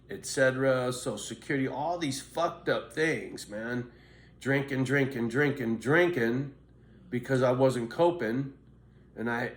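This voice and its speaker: A middle-aged man bluntly telling his own story in a profane, street-tough way. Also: medium pitch. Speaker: vlogger. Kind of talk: candid personal monologue. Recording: roomy echo, faint background noise.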